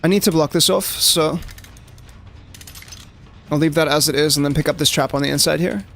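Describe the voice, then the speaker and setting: Speaking at normal speed, a young man from South Africa chats to his viewers while playing, giving relaxed live commentary peppered with "like." His voice is a touch high and raspy, and faint music plays in the background.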